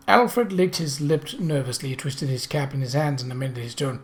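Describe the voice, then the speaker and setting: A man reading a mystery novel aloud, with measured storytelling narration. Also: mid-range voice.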